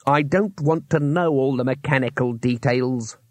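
A man's voice: mid-range voice, normal speed, darkish tone, no echo, lightly acted. A man voicing an impatient, scheming male wizard in an audiobook, curt and irritable. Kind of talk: audiobook character voice.

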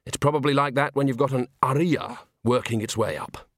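A man's voice: mid-range voice, brisk, no room sound, studio quality, close to an everyday voice. A man voicing a nervous, fussy middle-aged theatre owner who stammers and rambles when flustered. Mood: rambling.

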